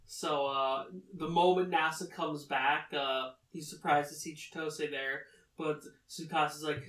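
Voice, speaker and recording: A man recaps a story casually, rambling with frequent filler pauses. His voice is a little higher than most men's. It sounds roomy and comes from some distance off the mic. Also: fairly even intonation, a bit bright. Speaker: anime recap host.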